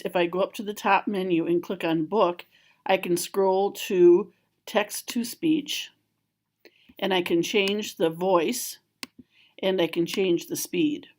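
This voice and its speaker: In a calm, plain manner, a fairly low-voiced woman talks viewers through the clicks and menus of a screen-recorded software tutorial. She sounds like a school library trainer explaining each step.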